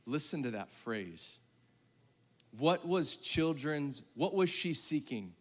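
A man preaching to a congregation in a fairly high voice, chatty and direct with the crowd. He shifts between punchy, loud emphasis and quiet, dropped-down stretches, and his words ring out with a long reverb in a big hall. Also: sing-song, takes it slowly. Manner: conversational, calls on the audience to raise hands; swings between loud emphatic bursts and hushed, low passages. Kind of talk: sermon to a live congregation.

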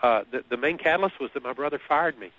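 A man's voice: mid-range voice, quick pace. Man telling a story, muffled radio sound. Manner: animated storyteller who often repeats words and laughs at his own story. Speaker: guest. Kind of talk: conversational storytelling.

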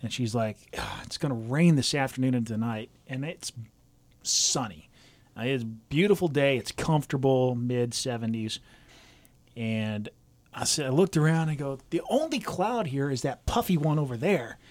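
A relaxed man on a casual podcast, unwinding a long weather story at an easy pace. He chuckles through his tale and lets his medium-pitched voice wander comfortably. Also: normal speed, dry recording. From Southern California. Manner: laid-back storyteller, chuckles often. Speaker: podcast co-host, meteorologist.

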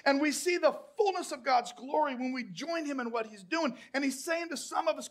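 A man preaching a sermon, swinging between hushed, intimate passages and loud, shouted calls. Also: extremely high pitch, brisk, few pauses. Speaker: pastor.

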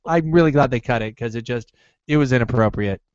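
A man chatting casually on a podcast, deadpan, with crude jokes and hesitant ums. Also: medium pitch, a little fast, smooth, dry recording, lo-fi sound. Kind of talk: casual chat.

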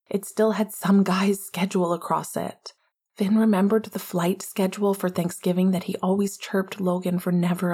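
A woman narrates a novel in a quiet, steady way. Her voice is breathy and soft-edged, at a middling pitch. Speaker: audiobook narrator. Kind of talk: scripted narration.

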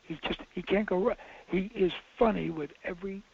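A man's voice: high-pitched, brisk, gravelly, slightly rough. An older man, a film director, telling rambling, self-interrupting anecdotes in a casual interview. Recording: muffled dull interview audio.

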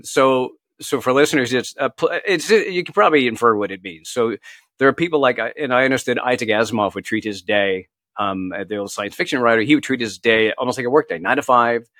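A man's voice: medium pitch, fast, a bit bright, no echo. A middle-aged man, an author guest in a casual interview, chatty and self-deprecating, laughing often as he tells anecdotes. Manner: tells anecdotes with quoted asides.

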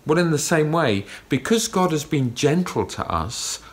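A man preaching a sermon, telling a story calmly with gentle emphasis. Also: fairly high pitch, measured pace.

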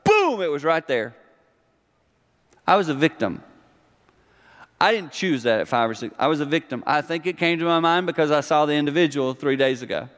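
A middle-aged man preaches to a congregation in a church hall. His voice sits a little high, and he talks in a conversational yet emphatic way, slipping into the voices of the people he quotes. A long reverb from the hall trails behind his words. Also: animated, normal speed, long pauses. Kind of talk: sermon.

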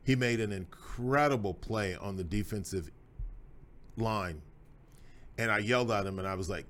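A man's voice: fairly low pitch, normal speed, long pauses, fairly bright tone. A middle-aged man, hosting a podcast and telling folksy, emphatic stories as a proud father. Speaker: host. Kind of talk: podcast conversation with his son.

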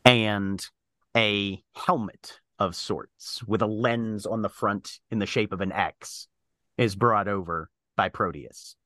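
A man narrating a tabletop role-playing game as game master, describing scenes in a halting way with frequent fillers. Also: lowish voice, fairly bright tone, no room sound.

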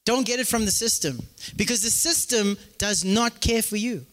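A man's voice that sits high carries a pastor's sermon at normal speed. He jokes and acts out little conversations with plenty of animation, and the hall gives the audio an echo.

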